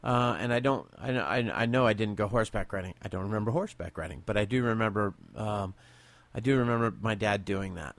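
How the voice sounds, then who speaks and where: A man in his forties with a fairly low voice tells a personal story unscripted. He talks candidly and with feeling, rambling and restarting as he goes, and the recording is close and dry with no room sound. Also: a little fast, no echo. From Southern California. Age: 40s. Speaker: podcast host.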